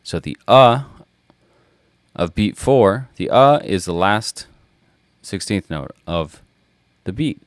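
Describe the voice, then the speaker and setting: A man's voice: on the low side, lively intonation, slow, no echo, studio quality. A man teaching a guitar lesson, patiently explaining and counting rhythms aloud as he plays. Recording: loud guitar playing behind the voice.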